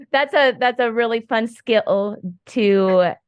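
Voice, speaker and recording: A woman's voice: fairly high pitch, extremely slow, clear, resonant tone, no echo, highs cut off. Curious woman host, dry sound. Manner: curious, uses "like" and restarts. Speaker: podcast host. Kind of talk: casual interview chat.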